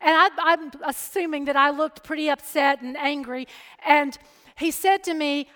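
A woman's voice: high-pitched, steady tone, moderate pace, bright, forceful tone, long reverb tail. A woman giving a sermon, moving from storytelling into emphatic preaching. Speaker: speaker at a church or chapel.

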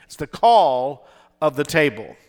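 A man's voice: fairly high pitch, very animated, measured pace. An older man preaching a sermon to his congregation, with emphatic delivery, often asking them to respond. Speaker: pastor. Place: church with balcony.

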